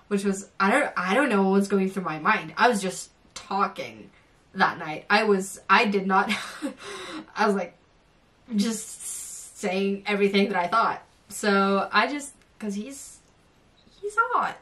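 A young woman spills an excited storytime vlog, gushing, giggling and tripping over her words. Her voice sits at an ordinary middle pitch for a woman. She is a little far from the mic. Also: slow pace. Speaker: vlogger.

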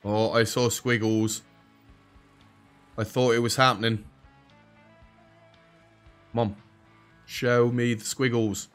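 A man's voice: medium pitch, level tone, slow, long pauses, faint music behind. Dry, sarcastic English man. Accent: English, dropped H's and T's. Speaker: let's play host. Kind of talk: casual gaming commentary.

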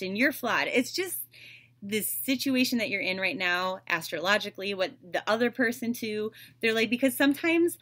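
Woman tarot reader, chatty and casual, filler-heavy, mid-pitched. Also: fairly bright tone.

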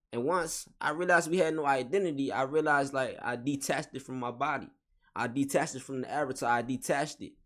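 A man giving a spiritual motivational monologue in casual slangy talk, repeating and restating each phrase with emphasis. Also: mid-range voice. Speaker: vlogger.

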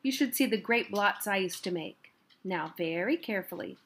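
A woman reading aloud and voicing a brisk, kindly young woman who reassures a child. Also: medium pitch, expressive, fairly bright tone, breathy edge. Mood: reassuring.

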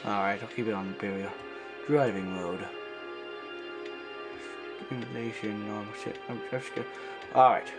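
A man's voice: fairly low pitch, fairly even intonation, normal speed, pauses often, loud music behind the voice. Rambling, playful gameplay commentator, a man. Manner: rambling, playful, jokes around in put-on accents. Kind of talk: casual let's-play commentary.

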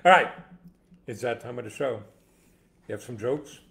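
Gravelly, playful male host. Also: mid-range voice, moderate pace, fairly bright tone. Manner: playful, acts out characters in stories. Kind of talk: casual chat, joke telling. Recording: echoey room with faint background noise.

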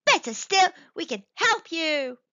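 A woman's voice: sits high, big pitch swings, a little fast, no room sound, voice pushed up, full character voice. A woman voicing a friendly, welcoming young male mouse in a storybook. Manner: warm, welcoming, cheerful. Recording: dull dry recording.

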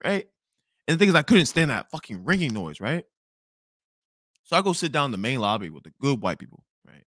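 A young man hosting a podcast, telling a storytime tale in a loud, profane way that swings between outbursts and mutters. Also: medium pitch, big pitch swings, brisk, no echo, studio quality. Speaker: podcast host. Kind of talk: storytime monologue.

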